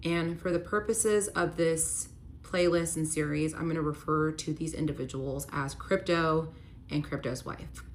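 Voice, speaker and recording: A woman's voice: low-pitched, fairly even intonation, measured pace, slight background noise. A young woman candidly telling a personal storytime, confessional and at times emotional.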